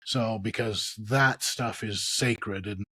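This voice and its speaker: Husky-voiced man chatting on a podcast. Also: takes it slowly, bright, forceful tone, no echo. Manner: low-key, interjects brief agreement. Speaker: podcast co-host. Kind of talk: casual chat.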